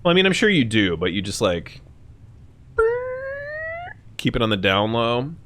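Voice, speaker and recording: A young man with a fairly low voice hosts a live stream, chatting loosely and profanely. His delivery swings widely in pitch and often jumps into shrill mock voices. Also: big pitch swings, a little slow, fairly bright tone, a little hiss or hum. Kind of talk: casual chat answering chat.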